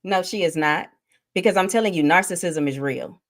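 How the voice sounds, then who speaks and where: Woman, lowish voice, emphatic and opinionated, guest co-host. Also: a little fast. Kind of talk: casual podcast chat.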